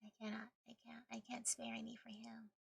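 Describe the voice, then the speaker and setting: A woman's voice: fairly high pitch, monotone, brisk, creaky, slightly rough, dry recording, clean studio sound. A woman streaming a video game, chatting casually and rambling with frequent laughter. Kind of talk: casual gameplay stream chat.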